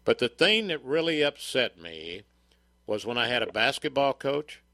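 A man's voice: medium pitch, very animated, normal speed, sharp tone, no room sound. An older man hosting a radio talk show, chatting in a rambling, folksy way with plenty of fillers.

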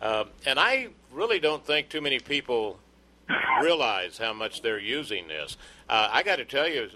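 A man's voice: medium pitch, very animated, normal speed, background noise. A man hosting a sports talk radio show, chatting loosely with plenty of fillers and restarts.

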